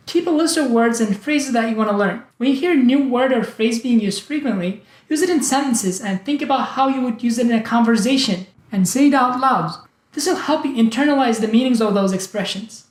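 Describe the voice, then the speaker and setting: A man hosting a language tutorial, speaking in a clear, deliberate way and acting out examples of word stress. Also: very high voice. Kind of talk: scripted tutorial narration. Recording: roomy echo.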